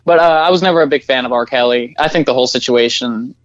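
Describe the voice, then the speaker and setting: A man's voice: mid-range voice, fast talker, dry recording, muffled recording. A young man as a podcast guest, easygoing in casual chat and leaning on fillers. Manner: easygoing, many "you know" fillers.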